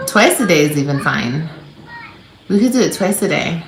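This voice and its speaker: A woman rambles to her viewers in a loose, animated live chat, her voice mid-pitched. The sound is roomy and echoey, with a faint hum underneath. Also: normal speed, vocal fry, pauses often. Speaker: livestreamer.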